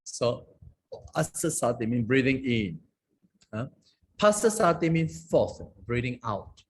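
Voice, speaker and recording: A man, a Buddhist monk, teaching a lesson on a scripture language, reciting verses slowly and often checking in with "okay?" and "huh?". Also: medium pitch, big pitch swings, a little hiss or hum.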